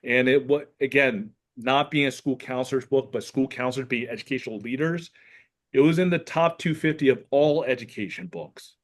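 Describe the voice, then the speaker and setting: A man's voice: mid-range voice, moderate pace. A man who works as a school counselor and author, talking through his ideas earnestly and thoughtfully as a podcast guest. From Pennsylvania. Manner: earnest, thoughtful, many "like" fillers. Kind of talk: casual conversation, reading from his book.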